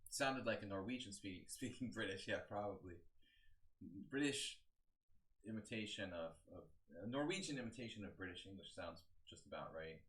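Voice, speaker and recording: A man's voice: lowish voice, lively intonation, brisk, hardly any pauses, fairly bright tone. Man in his forties giving casual chess analysis. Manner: casual, rambling, talks to chat. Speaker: chess coach. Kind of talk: live-streamed game analysis.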